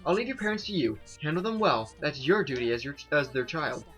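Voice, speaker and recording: A man reading the lines of a calm, businesslike woman boss from a game in a flat, steady voice. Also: on the high side, a little fast, faint music behind, pitched below the performer's own voice. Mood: matter-of-fact. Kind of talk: reading game dialogue aloud.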